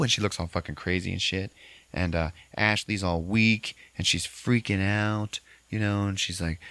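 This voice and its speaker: A man hosting a podcast, recapping a movie in a casual, profane, animated way and acting out the characters. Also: deep voice, moderate pace, no echo. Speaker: podcast host.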